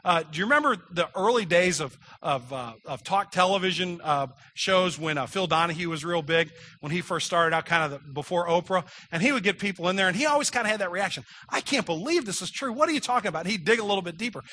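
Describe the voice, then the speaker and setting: A man's voice: high voice, fast talker, few pauses, bright, forceful tone, slight background noise. A man preaching a sermon in a conversational way, acting out the quoted lines with dramatic emphasis. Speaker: pastor.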